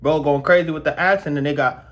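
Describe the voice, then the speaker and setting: A young man vlogging casually to his viewers about his dental work, slangy and animated, his mouth still sore. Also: on the high side, fast. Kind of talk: casual storytelling vlog.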